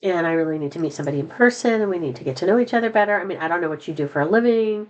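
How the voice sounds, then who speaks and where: A middle-aged vlogger speaks to the camera in a rambling personal monologue, sad and candid, her voice somewhat worn and not at full strength after being sick. Her fairly low, slightly mellow voice is animated and rapid-fire, and the sound is lo-fi.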